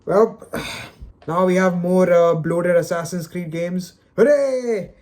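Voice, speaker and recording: A slow, monotone, slightly mellow high voice belongs to a man ranting solo on camera, unscripted. The video creator is dejected and frustrated; exasperated sighs and stammered, repeated words run through it.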